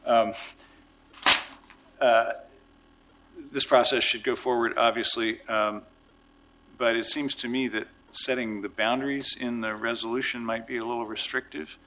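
A man's voice: mid-range voice, steady tone, measured pace, pauses often, bright, forceful tone, a little hiss or hum. A man serving as mayor, chairing a city council meeting and thinking aloud in an informal way with small jokes. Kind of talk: presiding over a public meeting.

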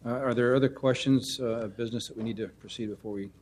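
A man of middle pitch runs a council meeting and announces procedural matters. He speaks in a businesslike way, with brief hesitations between items. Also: fairly even intonation, quick pace, a little mellow, a little hiss or hum.

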